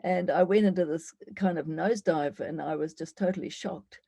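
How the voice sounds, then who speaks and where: A woman in her sixties speaks candidly at an online summit, telling her own story in a reflective way with plenty of ums and restarts. Her voice sits fairly low and sounds warm and mellow. The recording is dry and close. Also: normal speed, gravelly, breathy edge, no room sound. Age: 60s. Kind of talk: personal life story talk.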